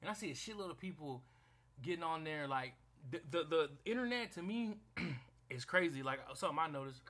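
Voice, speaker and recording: A man's voice: a little high, animated, fairly quick, fairly bright tone. A young man in a casual rant, blunt and profane, who often repeats himself and restarts his sentences.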